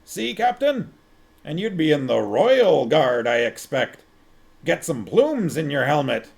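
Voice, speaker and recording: Shifty storybook street hawker, folksy and wheedling, bouncy pitch, as a male reader plays him. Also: very animated, measured pace, vocal fry, a little mellow, heavily acted. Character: shifty street-hawker man, pleasant and scheming.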